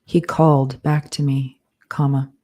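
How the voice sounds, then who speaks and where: A woman author dictating her novel live, slowly reading out each comma and period as she composes. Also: a bass voice, flat delivery, dark tone. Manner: slow, measured, speaking punctuation aloud. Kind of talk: live dictation of fiction with spoken punctuation.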